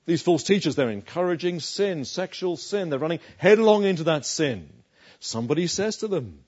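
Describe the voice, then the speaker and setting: A man's voice: animated, normal speed, slightly rough. A man preaching an emphatic sermon on a lo-fi tape. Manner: emphatic, swinging from loud declarations to low, hushed asides.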